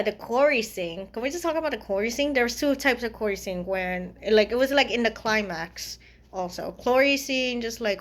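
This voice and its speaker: A young woman vlogger chatting casually about a film she saw. She rambles, swears freely and laughs often. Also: mid-range voice. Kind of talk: casual chat.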